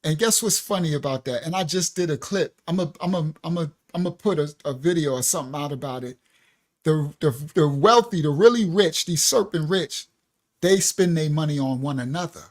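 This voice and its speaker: A man's voice: on the high side, brisk. An older man hosting a casual livestream, reading viewer comments aloud, laughing often and searching for words with plenty of fillers. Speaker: livestream host. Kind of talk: casual live-stream chat.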